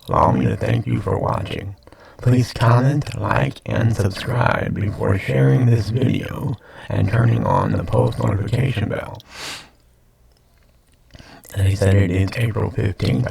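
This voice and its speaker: Speaking a little slowly in a fairly low, creaky, slightly rough and somewhat mellow voice, an older man rambles late at night to his computer webcam at home. His sinuses are congested and sniffly, and he meanders, repeats himself, and tosses in self-deprecating asides.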